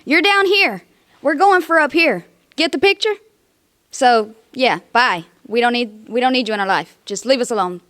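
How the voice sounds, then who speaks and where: A woman's voice: a little high, animated, normal speed, fairly bright tone. A woman acting as a wrestler's manager, curt and dismissive. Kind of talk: wrestling promo.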